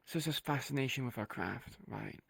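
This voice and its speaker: A man with a deeply gravelly, husky voice speaks in character during an online roleplay. He is blunt and dryly sarcastic and swears casually. His voice sounds close and dry. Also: a little fast, fairly bright tone, no echo. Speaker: roleplay player.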